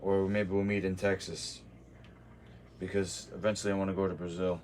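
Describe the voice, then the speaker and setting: A man's voice: low voice, flat delivery, moderate pace, a little mellow. Fighter streaming from his kitchen who trash-talks his chat, brash and combative, with faint background hum. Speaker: martial arts streamer. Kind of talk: livestream talking back to chat. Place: home kitchen.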